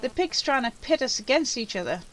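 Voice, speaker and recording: Lady doing a foul-mouthed grumpy little boy, gruff, swears a lot. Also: sits high, animated, brisk, fairly bright tone, low-quality recording. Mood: defensive. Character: foul-mouthed scrappy young boy, touchy.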